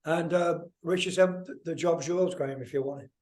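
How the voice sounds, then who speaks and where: Older man telling stories with animated energy. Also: on the high side, fairly quick. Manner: animated, swears freely, acts out voices in anecdotes. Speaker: guest musician. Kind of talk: casual storytelling interview.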